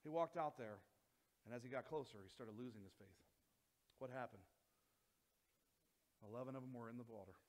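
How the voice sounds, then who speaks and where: A man, a youth pastor, preaching a sermon and telling a lively story, acting out voices as he goes. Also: mid-range voice, normal speed, pauses often. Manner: animated storytelling, acts out his own voice and others'. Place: church hall.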